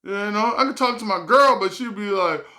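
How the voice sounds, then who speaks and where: Brief: vlogger on their own channel, bright tone, stressed and rambling, sighs and laughs while acting out what others said. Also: mid-range voice, normal speed. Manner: rambling, stressed, acts out other people's words. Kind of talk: storytime vlog.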